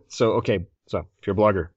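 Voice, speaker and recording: A man's voice: lowish voice, a little fast, husky, dry recording. A man hosting a casual podcast, rambling and laughing as he reads listener mail. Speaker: podcast host. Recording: dull lo-fi podcast mic.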